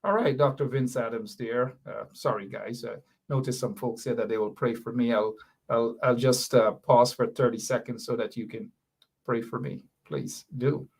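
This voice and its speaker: A male talk show host speaking in a loose, conversational way. He rambles and makes emotional, half-joking pleas to his audience. His pitch is average for a man. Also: steady tone, normal speed, husky. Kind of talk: casual live-stream talk.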